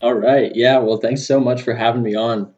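A man's voice: medium pitch, fairly even intonation, normal speed, a little mellow, muffled recording. Laid-back Southern California guy, twenties. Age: 20s. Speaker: podcast guest. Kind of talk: casual interview.

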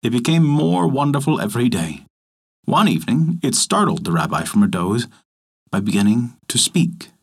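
A man reads an old folktale aloud in a measured, storytelling manner. His voice is husky, and his pitch rises and falls a great deal as he narrates. It is a scripted storybook reading. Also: sing-song.

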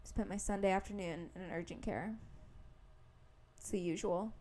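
A woman's voice: mid-range voice, moderate pace. A young woman co-hosting a podcast, telling a story in casual chat, acting out quotes and saying "like" a lot. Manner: animated storytelling, acts out quotes, many "like"s. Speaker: podcast co-host.

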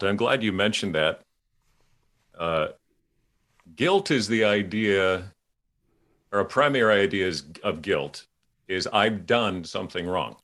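Male podcast host, low-pitched, earnest, rambling with restarts, laughs easily. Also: expressive, slow, long pauses, a bit bright. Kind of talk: casual faith conversation.

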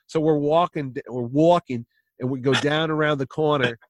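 A man's voice: a little high, normal speed, dry recording. A man hosting a podcast, telling anecdotes in casual chat and acting out the voices of people he met. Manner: animated anecdote teller who acts out voices. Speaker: podcast host.

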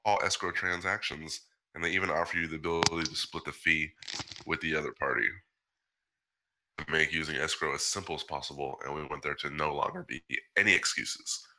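A man's voice: rumbling low, bright, forceful tone. A man hosting a podcast, reading sponsor ads in a breezy, joking way. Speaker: podcast host. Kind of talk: casual chat and ad reads.

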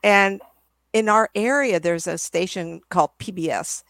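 A woman's voice: on the low side, unhurried, vocal fry, a bit bright, no room sound. An older woman, a psychic medium guest, telling rambling stories in a casual interview. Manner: rambling, chatty storyteller.

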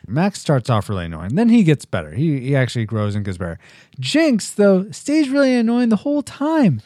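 A man hosting a casual movie review chat, animated and laughing often as he argues his points. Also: on the high side, fairly quick, no echo, clean studio sound. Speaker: podcast host.

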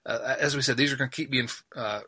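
A man's voice: medium pitch, steady tone, fast talker, pushed and bright, husky. A man hosting a casual sports podcast, joking, laughing at himself and rambling through asides. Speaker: podcast host.

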